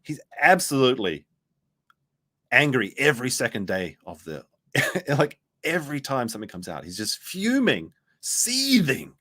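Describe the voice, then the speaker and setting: A man's voice: mid-range voice, sing-song, moderate pace, sharp tone. A man giving sarcastic, rambling commentary on clips as a streamer. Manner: sarcastic, rambling, mimics others in quotes.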